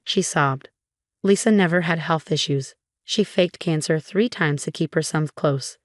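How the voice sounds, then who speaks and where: A low-voiced woman tells a dramatic first-person story from a script, keeping her delivery even and measured. She stays steady from line to line, and the recording is dry and close with no sense of a room.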